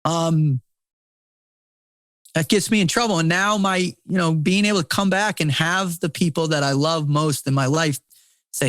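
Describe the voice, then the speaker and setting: A man's voice: on the high side, moderate pace, fairly bright tone, no echo. Middle-aged ex-military guy on a podcast, fired up and preachy, swears a lot, says man constantly, dry studio sound. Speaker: podcast guest, former Navy SEAL. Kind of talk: impassioned casual conversation.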